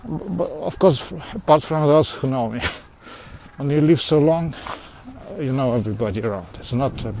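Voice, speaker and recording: Phone in hand, this man strolls suburban roads on a casual livestream, replying to viewers in a middle-pitched voice marked by a mixed foreign accent. His delivery is normal in speed and a touch mellow, dotted with small laughs and false starts. Passing cars and open-air noise are plainly audible.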